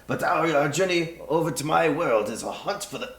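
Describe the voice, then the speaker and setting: A man's voice: a little high, animated, normal speed, a bit bright. A man streaming a game live, chatting casually and rambling with lots of fillers, on a desk mic. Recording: roomy room with game music.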